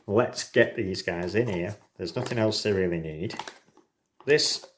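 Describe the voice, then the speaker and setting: Relaxed, matey man. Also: sits low, a little slow, slight background noise. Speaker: isopod keeper. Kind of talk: casual show-and-tell.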